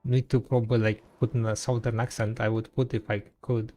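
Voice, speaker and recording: A man's voice: medium pitch, little pitch movement, brisk, dark tone, muffled recording, soft background music. A man chatting casually on a gaming stream in a rambling, laid-back way, full of fillers and restarts. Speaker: game streamer.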